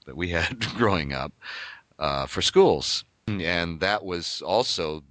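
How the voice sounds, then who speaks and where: Older man, voice actor, deep low voice, bright forceful tone, thoughtful interview talk. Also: animated, slow pace, no echo. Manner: thoughtful, explanatory.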